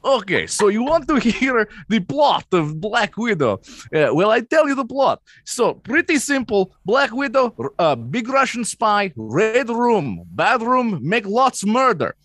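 A man from Maine talks through a film's plot in a loose, jokey way, stumbling over fillers as he goes. His pitch is fairly high and swings all over the place. The sound is dry and close. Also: very animated, a bit bright, no echo. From Maine, United States. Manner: jokey, halting with many fillers. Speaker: podcast co-host. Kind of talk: casual chat, rambling plot summary.

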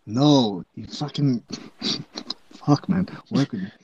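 A man's voice: mid-range voice, takes it slowly, highs cut off, a little hiss or hum, lightly acted. A New man voicing a self-styled East Jersey man who speaks in broken English and keeps insisting on where he is from. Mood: exasperated. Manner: mangled English, insistent, deadpan turning exasperated.

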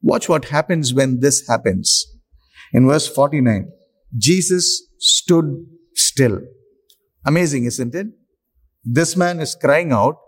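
A man preaching a sermon, slow and emphatic, with long pauses for effect. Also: medium pitch, animated, breathy edge.

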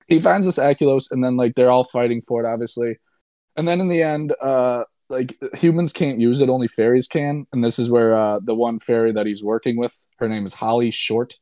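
A man's voice: medium pitch, darkish tone, dry recording, studio quality. A young man casually and sarcastically recapping a movie he disliked, rambling and swearing as a podcast co-host. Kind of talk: casual chat.

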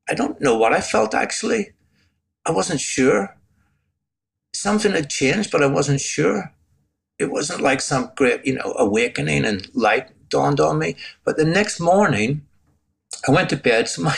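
A man in his sixties from Northern Ireland, speaking with a Northern Irish accent, shares his faith story as a guest in an interview testimony. He is reflective and emotional, getting choked up and laughing softly. His voice is fairly high, with vocal fry and a breathy edge.

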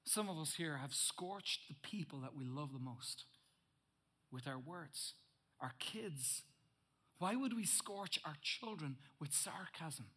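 A middle-aged male pastor preaching a sermon, swinging from loud emphatic bursts to hushed, intense asides. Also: a little high, lively intonation, slow, husky.

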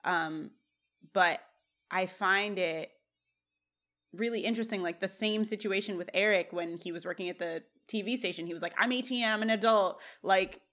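A woman's voice: mid-range voice, moderate pace. A woman co-hosting a podcast, casually recapping a TV episode scene by scene and laughing often. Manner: animated scene retelling with laughs. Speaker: podcast co-host.

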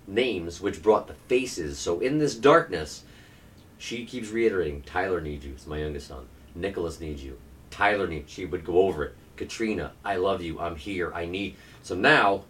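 Podcast guest, middle-aged man, deep and low, earnest and blunt, set back from the mic. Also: distant mic. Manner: candid, earnest, occasionally profane. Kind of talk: emotional personal storytelling.

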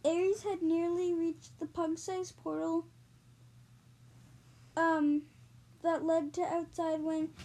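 High-voiced woman reading a storybook. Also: mellow, slight background noise. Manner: unhurried reading with frequent ums and self-corrections. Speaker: storybook reader and podcast host. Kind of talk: reading a children's chapter book aloud.

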